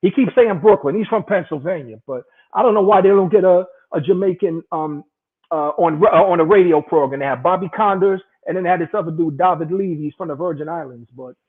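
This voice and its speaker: Man, rambling casual storyteller, profane, husky voice, fairly high-pitched. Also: fairly quick. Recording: tinny phone-like line.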